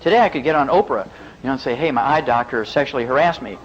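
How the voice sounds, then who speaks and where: His medium-pitched voice trails off into a long reverb as the Midwestern vet-turned-physician rattles through a humorous, folksy health lecture before an audience. It's an animated, storytelling delivery, captured in a muffled recording with faint hiss.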